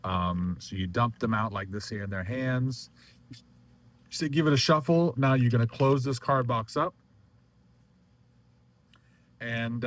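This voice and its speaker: A man teaching a magic trick in a casual demonstration, talking in halting bursts with many restarts while he handles the cards. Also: on the low side, a bit bright. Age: adult. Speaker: magic instructor.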